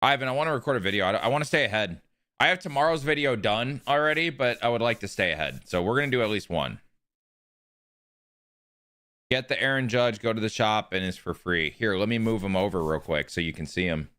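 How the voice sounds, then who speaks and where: Lively, bright-voiced male game streamer. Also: on the low side, quick pace, no room sound, clean studio sound. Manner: joking banter with chat, running bits. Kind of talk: casual livestream chat.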